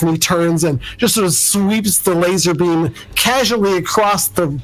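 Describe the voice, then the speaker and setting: Man game master, slightly high voice. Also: soft background music, poor audio. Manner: relaxed, halting, full of fillers. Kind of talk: narrating a tabletop game.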